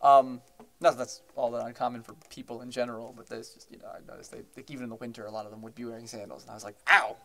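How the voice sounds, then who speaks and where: A man's voice: mid-range voice, little pitch movement, rapid-fire. A young man co-hosting a podcast, chatting casually, rambling with many fillers and restarts and laughing often. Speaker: podcast co-host. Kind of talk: casual chat.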